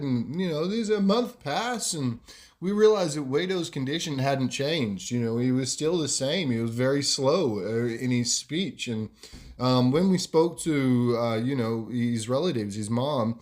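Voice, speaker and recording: A man's voice: mid-range voice, measured pace, darkish tone. A man hosting a podcast, telling a story casually and rambling with lots of fillers. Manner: rambling, many fillers and "you know". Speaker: podcast host.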